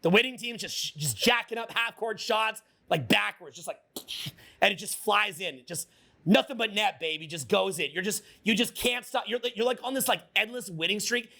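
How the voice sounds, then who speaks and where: A man coaching a live audience in a motivational seminar, energetic, swearing freely and getting the crowd to repeat his words. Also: high voice, normal speed, gravelly. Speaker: social skills coach.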